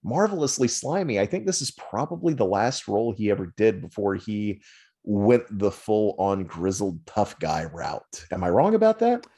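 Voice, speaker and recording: A man's voice: fairly low pitch, moderate pace, slightly rough. A man co-hosting a film podcast, talking emphatically and teasing his co-host. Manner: animated, emphatic, playful teasing. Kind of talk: casual film podcast chat.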